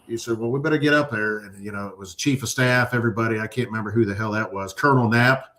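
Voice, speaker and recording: A man's voice: fairly low pitch, quick pace. A man, a Marine veteran, telling swear-laden stories in casual chat. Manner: profane, animated storyteller.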